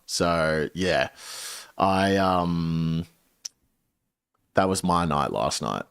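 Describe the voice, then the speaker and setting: A man in his late twenties, a streamer telling a story to his chat in a casual, animated way, swearing often. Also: low-pitched, drawn-out words, creaky, long pauses, clean tone. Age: 20s. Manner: animated, swearing a lot, dramatic retelling.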